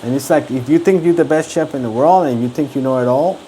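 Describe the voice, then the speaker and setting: A man's voice: medium pitch, quick pace, warm tone, slight background noise. A middle-aged chef from Mexico with a Mexican Spanish accent, talking casually and circling back to repeat his points. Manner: rambling, repeats himself, emphatic. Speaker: chef and podcast co-host. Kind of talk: casual conversation.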